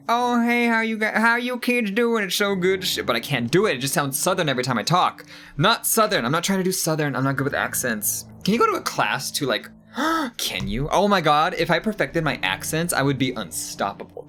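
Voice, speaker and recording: A woman playing a narrative video game on camera, chatting playfully and excitedly while reading its story aloud. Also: deep voice. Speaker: gaming YouTuber. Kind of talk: let's play commentary. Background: game music.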